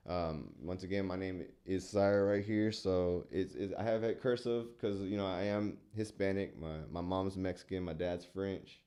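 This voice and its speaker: Young male musician guest from San Antonio, very deep voice, earnest and reflective, loose with fillers. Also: fairly even intonation, normal speed, few pauses, warm tone. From San Antonio, Texas. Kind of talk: casual interview chat.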